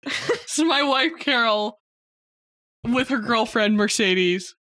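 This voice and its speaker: Brief: blunt female podcast co-host, casual and halting. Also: on the high side, expressive, a bit bright. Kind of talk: casual chat about a podcast.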